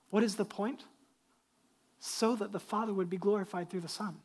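A man's voice: sits high, steady tone, moderate pace. A man delivers a sermon from the pulpit with an emphatic, driving manner. He keeps turning to the congregation with rhetorical questions and repeats his key lines for weight. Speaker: pastor.

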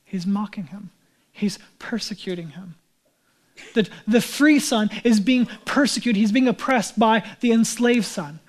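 A man's voice: sits high, unhurried. Conversational male pastor preaching a sermon. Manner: conversational preaching, swings between loud emphasis and hushed near-whispers.

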